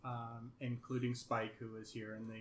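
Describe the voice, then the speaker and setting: A man's voice: medium pitch, monotone, crowd noise. Man running a tabletop game, echoey. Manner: playful, halting narration with fillers. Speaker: game master. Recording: roomy echo, faint noise.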